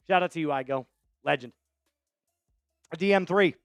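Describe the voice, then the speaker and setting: Gravelly high-voiced hype streamer man. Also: normal speed, pauses often, no echo, clean studio sound, soft background music. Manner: hyped, shouting out chat donors. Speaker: livestream host. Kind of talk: live sports play-by-play stream.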